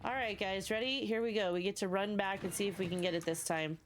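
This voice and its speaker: Sleepy woman streamer, excitable and swearing. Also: medium pitch, fast talker, background noise. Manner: excitable, swears freely, cheers on her character. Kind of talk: casual live gameplay commentary.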